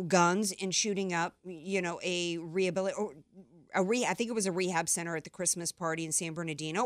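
A woman's voice: fairly low pitch, dry recording. A woman hosting a political talk radio show in a studio, talking in a rambling, chatty way with frequent restarts. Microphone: studio microphone.

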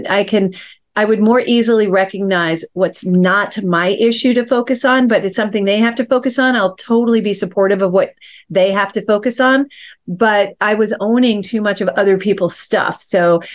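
A woman hosting a coaching chat, encouraging and guiding listeners through exercises. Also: medium pitch. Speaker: host and success coach.

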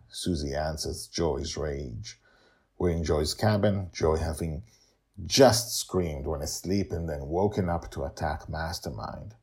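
A man narrating his own serialized storybook podcast, with animated, rambling asides to listeners. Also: rumbling low, a little slow, husky. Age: older. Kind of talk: storybook narration and casual chat.

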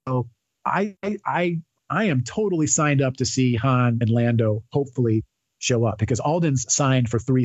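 A man's voice: mid-range voice, a little mellow, dry recording. Man, podcast guest, rambling fan talk, lo-fi dry recording. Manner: rambling, enthusiastic, many fillers and restarts. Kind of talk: casual chat.

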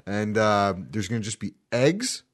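Lively low-voiced man hosting. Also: unhurried. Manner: animated, joking, swears casually. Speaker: podcast host. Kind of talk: casual chat.

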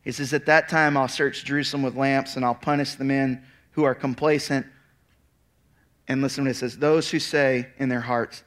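A man preaching a sermon, reading scripture aloud and then retelling it as a lively story with casual asides. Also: medium pitch, normal speed. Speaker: pastor. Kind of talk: expository sermon.

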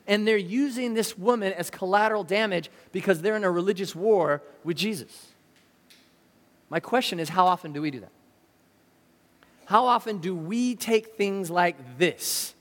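A man with a high voice preaches in a loose, talky way and keeps asking his listeners questions. His words ring out through a large hall with a long reverb trailing behind them. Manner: conversational, animated, asks the audience questions. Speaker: pastor. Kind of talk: sermon.

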